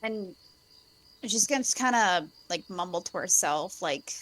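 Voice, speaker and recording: A woman's voice: lowish voice, lively intonation, measured pace, a bit bright. A woman playing a tabletop game, describing her character's actions hesitantly with many fillers. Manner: hesitant, lots of ums and likes. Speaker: player. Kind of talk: casual tabletop play.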